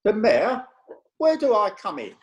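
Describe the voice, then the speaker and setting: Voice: mid-range voice, wildly swooping pitch, measured pace, echoey room, rough recording. Actor doing a sly cheeky old male clerk. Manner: dry, cheeky, laconic backtalk. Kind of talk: comic stage reading.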